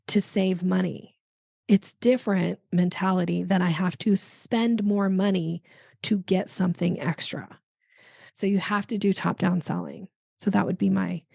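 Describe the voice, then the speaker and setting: Female podcast guest, gravelly texture, lively and chatty, plays out quick dialogue bits. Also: fairly low pitch, no room sound, clean studio sound. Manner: animated, acts out dialogue in quick voices. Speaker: podcast guest, sales expert. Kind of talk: conversational interview.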